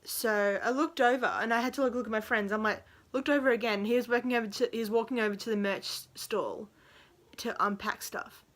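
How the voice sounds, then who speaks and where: A woman's voice: on the high side, steady tone, brisk, fairly bright tone. A young woman telling a rambling, giggly storytime in a vlog, with lots of fillers. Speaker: vlogger.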